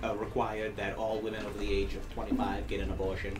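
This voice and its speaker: A young man making dry, deadpan jokes in casual gaming commentary. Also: on the low side, fast talker. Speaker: let's play host.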